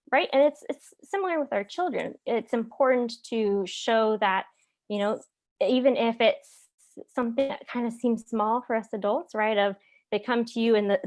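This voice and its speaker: A woman's voice: medium pitch, moderate pace. Chatty woman presenting a parenting webinar. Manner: conversational, many "um"s and "right?" check-ins. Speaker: therapist leading a parenting webinar.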